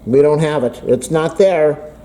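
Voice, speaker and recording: Talking about a phone update, a tech vlogger rambles to camera in a self-deprecating, talking-to-himself manner. His voice is a little high, warm and a little slow, recorded with poor audio on a camera mic from across an indoor room.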